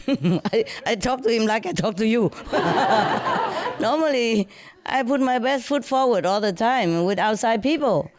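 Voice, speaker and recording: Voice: mid-range voice, very animated, a little slow. Chatty storyteller with non-native English. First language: not English. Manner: chatty, grows indignant, laughs often, broken grammar; frequent fillers like you know and yeah. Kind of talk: casual anecdote told to a friend.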